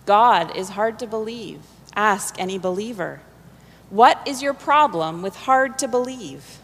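A woman's voice: mid-range voice, lively intonation, measured pace, fairly bright tone. A woman voicing a passionate, indignant sixteen-year-old boy, speaking in a mocking, theatrical way. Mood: impassioned. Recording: long hall reverb.

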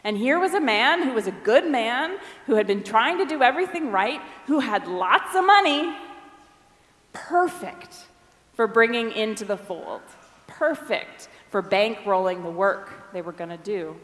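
A fairly high-voiced woman delivers a sermon in a relaxed, conversational way. She briefly acts out the voices of the people in the story. Her voice rings with the long reverb of a large hall. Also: unhurried. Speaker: preacher.

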